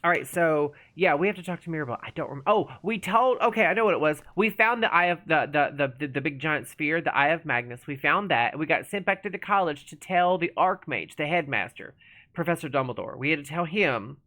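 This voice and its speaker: A chatty woman, streaming a game and commenting as she plays. Her voice is bright and very lively, full of playful asides and rambling tangents. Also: deep voice, a little fast. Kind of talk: casual live-stream commentary.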